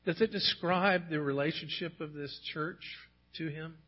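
A man's voice: on the high side, measured pace, breathy edge, muffled recording. A man preaching a sermon as pastor, earnest and building to impassioned emphasis when he quotes scripture.

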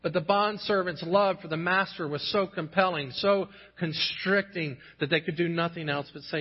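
A male pastor delivers an earnest sermon, his voice a little husky and sitting somewhat high. He swells into impassioned emphasis at key lines. The recording is dull and lo-fi. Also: moderate pace, hardly any pauses. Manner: earnest, rising to impassioned emphasis when quoting scripture.

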